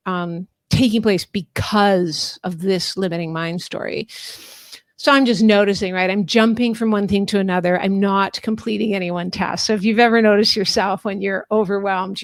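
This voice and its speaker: Woman coach, mid pitch, friendly teacher's manner, dry video-call sound. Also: dry recording. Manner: friendly, instructive, laughs often. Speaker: life coach and author. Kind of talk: explaining a coaching method in a live online talk.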